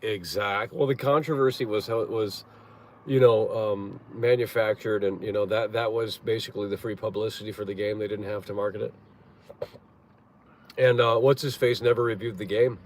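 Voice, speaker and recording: A man's voice: lowish voice, fairly even intonation, moderate pace. Blunt, rambling man streaming from his car. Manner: rambling, blunt, profane, many fillers. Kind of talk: casual live-stream chat. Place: parked car in a parking lot.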